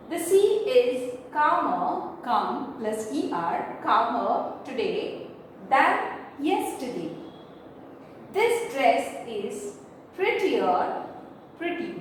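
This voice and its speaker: Woman, teacher, step-by-step lesson, long echo, distant mic, faint hiss. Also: high-pitched. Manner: explains step by step, spells out letters. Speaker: English teacher. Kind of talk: slow classroom grammar lesson. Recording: echoey room, mic far off, faint noise.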